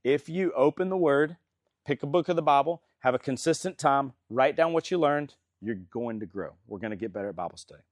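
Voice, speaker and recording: A man's voice: medium pitch, lively intonation, a little fast, no room sound, clean studio sound. A man teaching a small Bible study group in a casual, folksy way, often asking the group questions.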